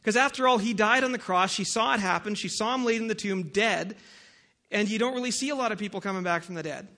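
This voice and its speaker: A man preaching a sermon as pastor, opening with a soft, lowered prayer and moving into a casual, conversational Bible talk. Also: fast talker.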